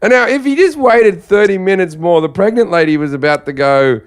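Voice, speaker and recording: A man telling a comic story in casual podcast chat, animated, acting out voices and laughing often. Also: high voice, moderate pace, few pauses, clear, resonant tone.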